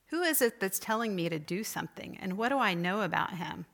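A woman with a mid-range, creaky, slightly bright voice gives a conversational church lecture on spiritual disciplines, questioning the group as she teaches. She's animated, moves at a moderate pace, and hardly pauses.

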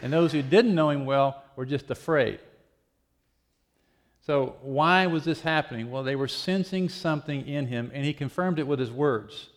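A man's voice: on the high side, moderate pace. A man preaching a sermon, retelling a passage as a conversational story with frequent restarts. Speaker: pastor. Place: office.

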